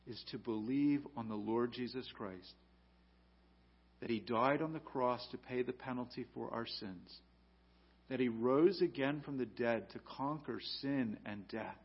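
Husky guy preaching slow, gets loud then real quiet, kinda muffled lo-fi sound. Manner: swings from loud emphatic peaks to low quiet lines. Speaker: pastor. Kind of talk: sermon.

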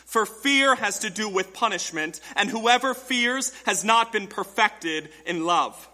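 A man's voice: sits high, animated, unhurried, sharp tone, big-room sound. A man preaching a sermon to his congregation, emphatic, with rhetorical questions and direct address to the church. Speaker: pastor.

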